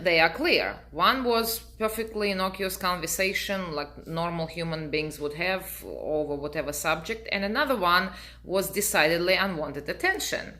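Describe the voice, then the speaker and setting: Middle-aged woman vlogger, native Russian speaker, deadpan storyteller, lowish voice, bright and forceful tone. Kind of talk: casual storytelling to camera.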